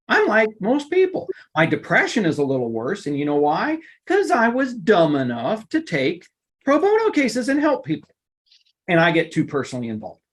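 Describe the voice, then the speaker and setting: A middle-aged man giving a live online workplace lunch-and-learn, emphatic and animated, repeating phrases for effect. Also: sits high. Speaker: workplace trainer and coach.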